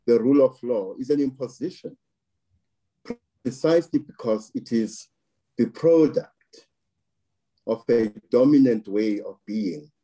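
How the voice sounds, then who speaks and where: A man giving measured political commentary, slow and deliberate, stressing words through repetition. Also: medium pitch, dark tone. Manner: slow, deliberate, emphatic with repeated phrasing.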